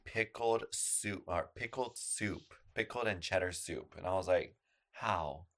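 A man co-hosting a podcast, chatting casually with wry reactions and quick quips. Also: low voice, a bit bright. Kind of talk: casual chat.

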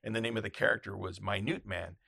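A man who photographs red carpets, telling anecdotes in casual chat and acting out quotes in loud, high voices. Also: steady tone, quick pace, vocal fry, husky, no echo, studio quality.

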